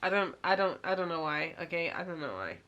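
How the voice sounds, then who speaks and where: A woman's voice: on the low side, sing-song, a little fast, bright, forceful tone, lo-fi sound. A woman chatting casually to camera as a vlogger, rambling and laughing often.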